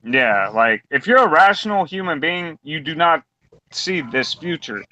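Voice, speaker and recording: A man's voice: on the high side, animated, unhurried, sharp tone. A man in his twenties ranting bluntly and profanely in a casual round-table talk. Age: 20s. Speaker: podcast co-host. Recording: dull lo-fi recording.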